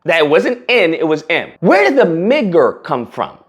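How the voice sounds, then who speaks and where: A man hosting a casual reaction commentary, talking in an animated, mocking way and breaking into laughter. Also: on the high side, moderate pace. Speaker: commentary channel host.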